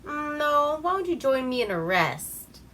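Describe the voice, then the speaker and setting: A man's voice: very high-pitched, very animated, measured pace, sharp tone, soft background music, pitched above the performer's own voice, exaggerated voice, rough recording. A woman voicing a smarmy 1950s male movie hero who flirts corny and teasing.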